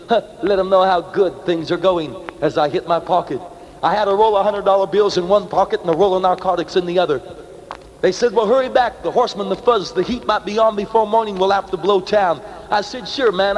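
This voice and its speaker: A young man telling his life story as an evangelist's testimony, vivid and dramatic, full of slang. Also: high-pitched. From Canada. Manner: vivid, slangy street talk, acting out the dialogue. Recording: reverberant hall on an old vinyl record.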